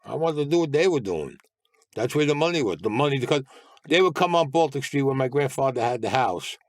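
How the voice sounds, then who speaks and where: An older man tells his stories in a blunt, streetwise way and swears freely. His voice sits at an ordinary pitch, and the recording is dry and close with no room sound. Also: expressive, brisk, no echo. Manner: blunt, streetwise storytelling with profanity. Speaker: interview guest. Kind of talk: casual storytelling.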